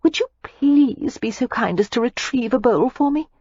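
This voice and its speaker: A woman's voice: on the high side, lively intonation, normal speed, mellow, husky, no echo, highs cut off, pitched above the performer's own voice. A woman narrator voicing a prim, overly polite young lady.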